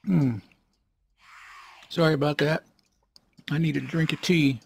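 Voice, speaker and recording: A man giving casual, rambling commentary while playing a survival game, often clearing his throat. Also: a little high, steady tone, unhurried, slight background noise. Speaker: let's play gamer.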